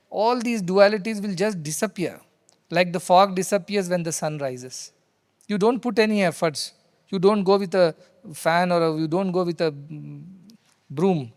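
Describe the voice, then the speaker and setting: A male spiritual teacher, telling a story in a discourse to devotees in a hall. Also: sits high. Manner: animated storyteller who repeats key phrases. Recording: reverberant hall sound.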